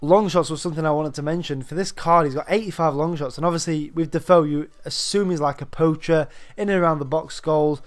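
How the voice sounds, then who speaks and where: A man's voice: fairly high pitch, a little fast, hardly any pauses, soft background music. A young man, slightly out of breath, rambling casually through a video game player review with lots of ums. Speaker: gaming YouTuber.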